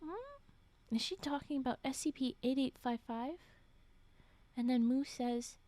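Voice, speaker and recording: A woman streamer reading a story aloud with dramatic flair, dropping into whispered asides and reacting out loud between passages. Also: sits high, expressive, measured pace, pauses often.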